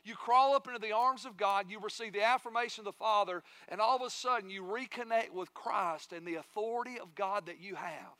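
A middle-aged male pastor preaching a sermon, building in intensity and dropping to soft hushed asides. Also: high voice, brisk, hardly any pauses, dry recording.

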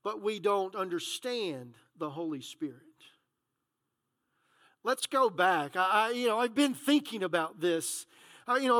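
A male pastor preaching a sermon, moving between hushed passages and loud emphatic ones, with frequent "uh, you know" fillers. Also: very high voice.

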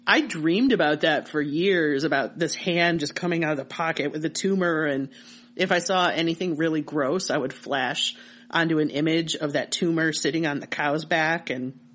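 A woman co-hosting a podcast, telling childhood memories in casual, animated chat. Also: deep voice, moderate pace. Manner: animated storytelling with laughter. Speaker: podcast co-host.

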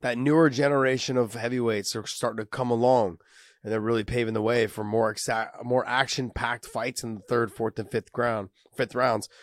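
Raspy man with a cold, dry close mic. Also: mid-range voice, little pitch movement, moderate pace, no echo. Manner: rambling with restarts, emphatic. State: has a cold, raspy voice and coughing. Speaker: co-host, fighter analyst. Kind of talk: casual fight breakdown chat.

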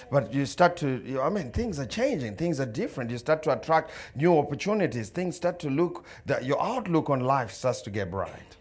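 A man preaching a sermon, telling stories and acting out dialogue and the voices of others. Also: mid-range voice. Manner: storytelling, acts out dialogue and crowd voices. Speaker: pastor.

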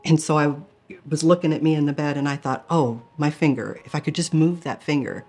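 A woman's voice: low-pitched, fairly even intonation, a little fast, mellow, faint music behind. A woman from Michigan telling an emotional personal story in earnest, often acting out her own thoughts. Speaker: near-death experience storyteller.

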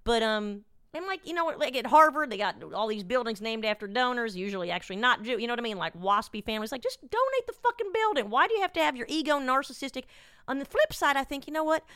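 A woman's voice: on the high side, big pitch swings, fast talker, bright, forceful tone, clear, resonant tone, no room sound, studio quality. A woman hosting a casual interview, blunt and opinionated, swearing freely as she muses aloud. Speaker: podcast host.

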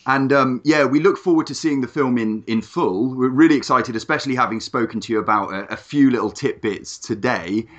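A man co-hosting a podcast, chatting casually with jokes and quick asides. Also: medium pitch, a bit bright, dull audio. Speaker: podcast co-host.

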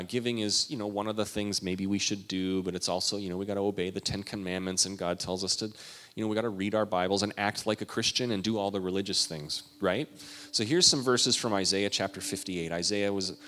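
A man preaching a sermon as a pastor, earnest and emphatic, moving between quiet asides and loud, stressed passages. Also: lowish voice.

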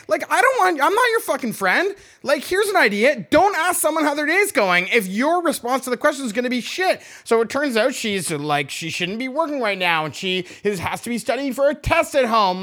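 A man's voice: very high-pitched, big pitch swings, moderate pace, hardly any pauses, sharp tone. A man hosting a comedy podcast, ranting with exasperated, profane outbursts. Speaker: podcast host. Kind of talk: comedic rant.

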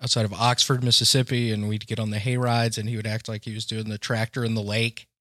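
A man from Tennessee chatting casually on a podcast, making goofy deadpan jokes and laughing easily. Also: on the low side, fast talker, no echo, clean studio sound. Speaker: comedian guest.

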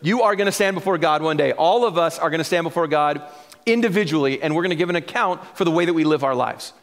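A man's voice: fairly high pitch, fast talker, in a large hall. A male pastor preaching a sermon in a conversational style, drawing out key phrases and chuckling now and then.

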